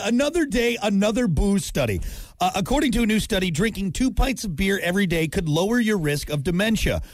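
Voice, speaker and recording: A man's voice: high-pitched, no echo. A man co-hosting a morning radio show, joking in casual banter on a studio mic. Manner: joking, lively, animated storytelling.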